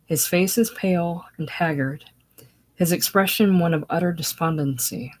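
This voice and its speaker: A woman reading the stage directions of a play aloud, steady with small slips. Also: lowish voice, normal speed, poor audio. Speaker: reader.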